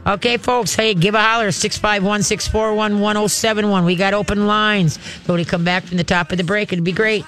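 A man's voice: sits high, steady tone, fairly quick, hardly any pauses, fairly bright tone, soft background music. A man hosting a call-in radio show, giving folksy, chatty pet advice and demonstrating with growls.

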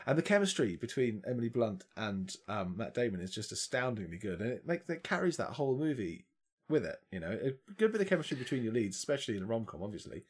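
A man co-hosting a casual podcast about films, talking enthusiastically with excited exclamations. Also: mid-range voice, quick pace, slightly rough. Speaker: podcast co-host. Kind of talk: casual film chat.

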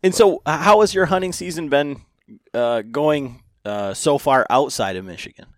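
A man's voice: fairly high pitch, animated, normal speed, dry recording, clean studio sound. A man hosting a podcast, asking casual questions with lots of ums, restarts and light laughs. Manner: hesitant, many ums and restarts, friendly laughs. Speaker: podcast host.

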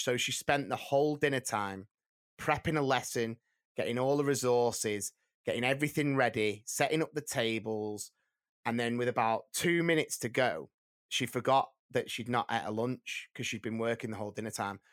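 An English man with a bright, ringing tone tells a story in easy, casual chat. He is animated and chuckles through the telling. The sound is dry and close, with no room echo. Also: mid-range voice, moderate pace. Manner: animated storyteller who keeps laughing as he tells.

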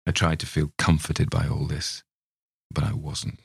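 A man reads a ghost story aloud, measured and dramatic. His voice is very low, gravelly and husky. The sound is dry and close. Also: flat delivery, dry recording. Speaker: story reader.

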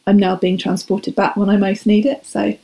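A woman's voice: mid-range voice, flat delivery, moderate pace, a loud crowd. A woman talking as a guest in a casual podcast chat, enthusiastic and self-deprecating.

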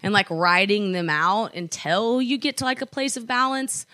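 Young female podcast co-host, crisp and bright, rambling casual chat in a dry room. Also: mid-range voice, animated, moderate pace, no room sound. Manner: chatty, lots of likes and restarts. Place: apartment.

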